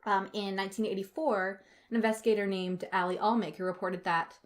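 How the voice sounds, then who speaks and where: Relaxed young woman podcast co-host. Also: medium pitch, fairly quick. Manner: relaxed, many fillers like "like" and "um". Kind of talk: casual chat and reading research notes.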